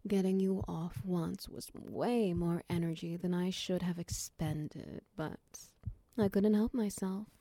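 A woman in a whispered role-play, voicing a large, doting, protective lover who coos, teases softly and slips into whispers. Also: on the low side, fairly even intonation, no room sound. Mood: tender. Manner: slow, soft, cooing and teasing, drifting into whispers. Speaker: voice actor in audio role-play.

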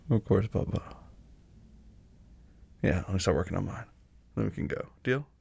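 A young man speaks as the listener's boyfriend in a one-sided role-play, gentle and teasing. His voice is low and full of vocal fry, with a husky, rough edge. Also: slow pace, long pauses. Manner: gentle, teasing and affectionate, laughs often.

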